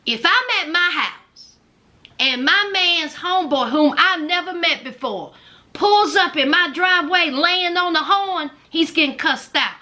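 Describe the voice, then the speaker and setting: A woman's voice: extremely high pitch, animated, measured pace, sharp tone. A woman with a Southern US accent giving sassy, emphatic commentary on a reality show, speaking straight to her viewers. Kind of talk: casual commentary.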